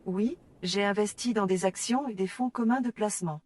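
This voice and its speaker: A woman's voice: mid-range voice, fairly quick, darkish tone, no echo, recorded from a distance. A woman co-hosting a podcast, saying French phrases and translating them into English. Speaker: podcast co-host.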